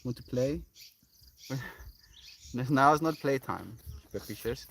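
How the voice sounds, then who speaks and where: A man's voice: mid-range voice, moderate pace, pauses often, slight background noise. A young South African man chatting on a casual live stream, reading chat aloud and cooing baby talk at his puppy outdoors.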